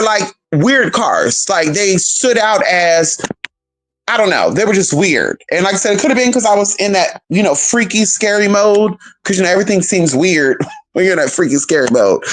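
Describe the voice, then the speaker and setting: A vlogger telling a story straight to viewers in casual, profane chat, calling them "y'all" and "girl", with nervous, jumpy asides. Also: medium pitch.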